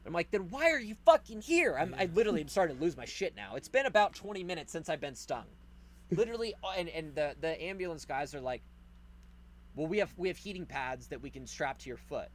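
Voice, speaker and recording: A man telling a story in casual podcast chat, animated and profane, acting out the people in it. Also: on the high side, fast talker. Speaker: podcast host.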